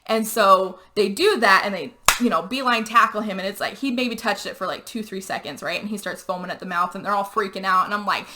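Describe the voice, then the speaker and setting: A woman hosting a podcast, casually retelling a movie plot with lots of "like" and quick quoted character voices. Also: medium pitch, sharp tone. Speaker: podcast host. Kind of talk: casual movie recap chat.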